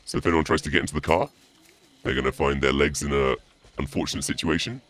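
A man commenting on his gameplay through a voice changer that makes his voice deep and gravelly, swearing and grumbling as he plays. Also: very animated, quick pace, a bit bright. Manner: swearing, frustrated, joking. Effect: voice changer pitching voice down. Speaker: gameplay streamer.

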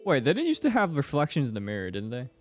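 Young guy streaming a spooky game, jumps and swears at scares, voice swings up and down a lot, soft music behind. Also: medium pitch, huge pitch swings, fast. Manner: jumpy, swears and laughs at scares, reads game lines aloud. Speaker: gaming streamer. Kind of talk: horror game let's play commentary.

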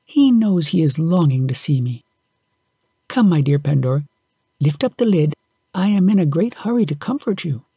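Man doing a sweet little fairy voice, higher, coaxy and playful, kinda gravelly. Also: very animated, normal speed, mellow, dry recording, exaggerated voice. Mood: coaxing. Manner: coaxing, arch and playful. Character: sweet cheerful little fairy spirit, female.

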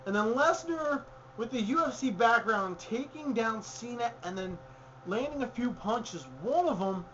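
A man's voice: very high voice, expressive, a little slow, fairly bright tone, dull audio, a little hiss or hum. A man co-hosting a casual wrestling recap show, rambling and opinionated, often correcting himself mid-sentence. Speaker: podcast co-host.

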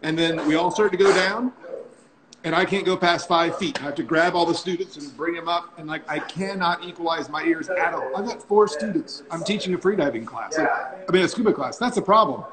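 A freediving instructor appearing as a guest tells stories casually on a live stream, chatty and tagging his sentences with "right?". His voice is fairly high and his pace brisk. The audio is poor, with crowd noise, captured through a phone or computer mic on a video call.

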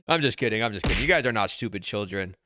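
A man hosting a casual livestream, answering viewer comments in a blunt, brash, half-yelling way while wearing headphones. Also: lowish voice, lively intonation, racing, a little hiss or hum. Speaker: crypto channel host. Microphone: wearing noise-canceling headphones.

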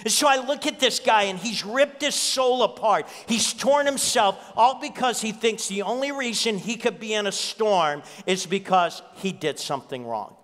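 A man with a high, ringing voice preaches to his church, telling stories and hammering points home by repeating them. His voice carries a long reverb through the hall. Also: animated, normal speed, hardly any pauses, a bit bright. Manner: storytelling preacher, repeats key lines for emphasis. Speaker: pastor. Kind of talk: sermon.

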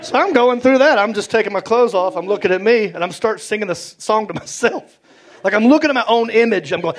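A middle-aged man with a Southern American accent, telling stand-up stories in a drawling, animated way. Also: high voice, fast, a faint crowd. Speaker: stand-up comedian. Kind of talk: stand-up storytelling. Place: comedy stage before a live audience. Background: audience laughter.

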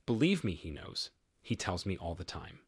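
Warm-hearted loyal woman in a storybook reading, voiced by a man, dry and husky. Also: deep voice, sing-song, normal speed, no room sound, exaggerated voice. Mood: reassuring. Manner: reassuring. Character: kind loyal woman employee, supportive.

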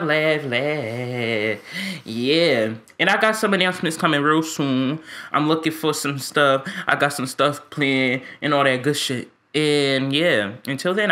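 A man's voice: on the high side, bright, forceful tone. A man giving ranting, profane commentary on a game he is fed up with, stammering when frustrated. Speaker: gaming YouTuber.

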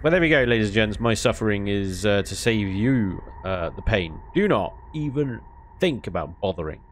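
A man giving casual, animated commentary on his gameplay, ranting and laughing with mild swearing. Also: lowish voice, normal speed, slight background noise. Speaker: gaming YouTuber.

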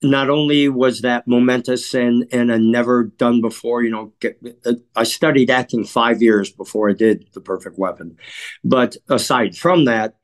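A man from Chicago, a guest in an interview, telling stories in a measured, earnest way and often clearing his throat. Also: medium pitch, steady tone. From Chicago, USA. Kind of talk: reflective interview storytelling.

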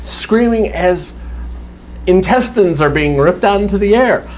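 Sarcastic man with a lively voice. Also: sits high, a little slow, slight background noise. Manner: sarcastic, wry, swears casually, with restarts. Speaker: TV episode recapper. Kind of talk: casual spoken recap.

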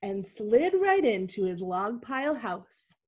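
A woman's voice: medium pitch, very animated, takes it slowly, a little mellow. A woman narrating a picture book aloud to a class over a video call. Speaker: teacher.

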